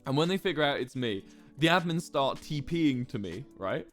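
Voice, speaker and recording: Young male streamer, high-ish, very lively delivery, cursing storyteller, light music bed. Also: normal speed. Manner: animated, swears freely, acts out quotes. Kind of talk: casual storytelling to chat. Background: faint music.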